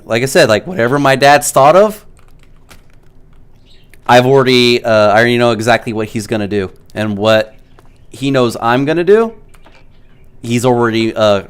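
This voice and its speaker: A gaming streamer telling casual, animated stories to his chat, with many "like" fillers. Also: lowish voice, normal speed, pauses often, smooth. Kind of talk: casual storytelling while streaming.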